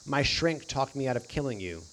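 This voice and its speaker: A man voicing a grieving, bitter young man who speaks slowly and heavily, haunted and resentful. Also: medium pitch, animated, a bit bright, close to an everyday voice. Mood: grim. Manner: slow, heavy delivery.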